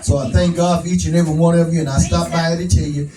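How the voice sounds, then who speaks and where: This man, an advocate speaker, fires up a prayer breakfast crowd in an event hall with a preacher's energy and folksy jokes he laughs at himself. His voice is on the high side, level in tone, and fast. The audio is distant, echoey, and noisy.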